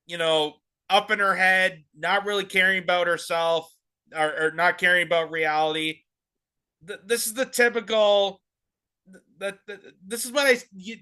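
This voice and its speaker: A man's voice: high voice, sharp tone, clear, resonant tone. A man hosting political commentary, ranting in a heated, sarcastic way. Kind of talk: opinionated commentary.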